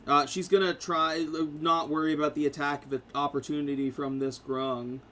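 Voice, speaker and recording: A man narrating a tabletop game as game master, in a casual, halting way with fillers. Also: on the high side, little pitch movement, pushed and bright.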